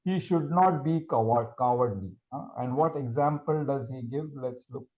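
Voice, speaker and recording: A man teaching a scripture class, explaining verses in a halting, conversational way with many fillers. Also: medium pitch, dull audio.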